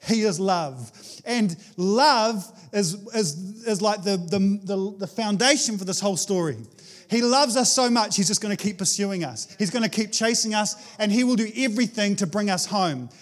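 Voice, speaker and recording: Pastor, male, high voice, casual and enthusiastic preaching style, chatty and informal. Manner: enthusiastic, conversational, many restarts and "like". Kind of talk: casual sermon.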